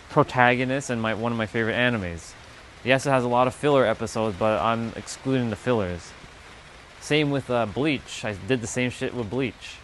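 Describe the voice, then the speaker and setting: A man's voice: mid-range voice, slight background noise. A man in his thirties hosting a livestream, telling stories in a casual chat full of swearing and mocking quoted asides. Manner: profane, animated storytelling with mocking quoted asides. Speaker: livestream host.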